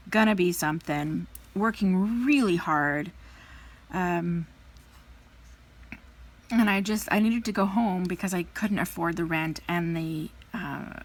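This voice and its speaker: A woman's voice: lowish voice, fairly bright tone. A woman in her thirties, a crafting vlogger, chatting casually and telling stories with plenty of fillers and playful voices for quotes. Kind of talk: casual storytelling chat.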